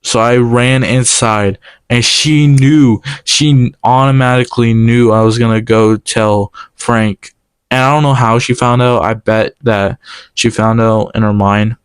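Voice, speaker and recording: A young man casually telling a personal story, animated and quoting others in quick back-and-forth exchanges. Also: mid-range voice, clean tone, dry recording.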